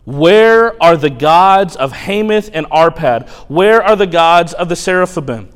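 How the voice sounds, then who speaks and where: A man voicing an arrogant, cocky royal spokesman who shouts taunts at a besieged city. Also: a little high, expressive, measured pace, smooth. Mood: mocking. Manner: loud, taunting proclamation. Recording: long hall reverb.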